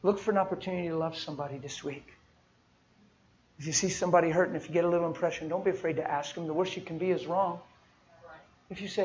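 A man's voice: on the high side, steady tone, quick pace, pauses often, a little mellow, a little hiss or hum. A male preacher giving a sermon in a folksy storytelling way, acting out everyday conversations. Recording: dull lo-fi recording.

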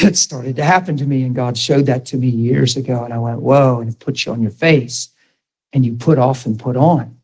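A man's voice: moderate pace, breathy edge. A man, a pastor, preaching a sermon and telling a personal story in an earnest, emotional way. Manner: earnest and emotional, swinging to high excited outbursts.

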